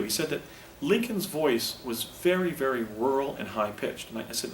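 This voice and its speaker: A man giving a public lecture in an earnest, halting way, often restarting his sentences. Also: medium pitch, a little hiss or hum. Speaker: presenter. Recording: roomy, distant lecture recording with faint ambience.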